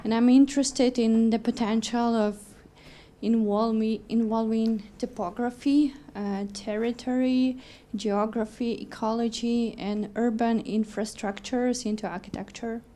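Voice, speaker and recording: A woman architect introduces her work in a composed, precise manner. Her voice sits somewhat high but has a mellow, soft tone. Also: fairly even intonation, measured pace. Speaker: architect and PhD student. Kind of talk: self-introduction.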